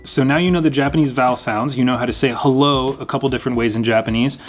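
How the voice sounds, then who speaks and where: A man's voice: medium pitch, fairly even intonation, over music. Patient male language teacher. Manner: patient, repeats words slowly and clearly. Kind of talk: explaining lesson.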